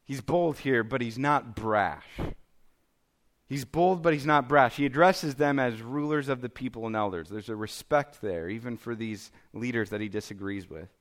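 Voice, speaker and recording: Pastor, man, 30s; casual conversational sermon delivery, average pitch. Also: moderate pace. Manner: conversational, self-deprecating preaching with frequent "okay?" and "right?".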